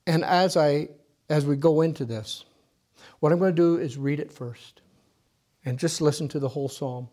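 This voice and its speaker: A man leading a small group through a guided prayer meditation, speaking gently and instructively and at times dropping to a near whisper. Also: on the high side, moderate pace. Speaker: meditation leader.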